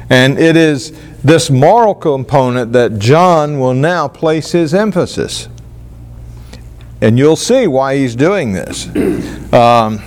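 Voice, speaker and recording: A man teaching a Bible passage to a class, slow and deliberate, pausing to stress single words. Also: mid-range voice.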